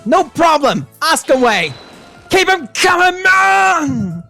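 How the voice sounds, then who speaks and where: A woman voicing a loud, overeager young woman who acts macho, shouting every line until her voice strains. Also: sits high, animated, a little slow, faint music behind, voice pushed up. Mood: eager.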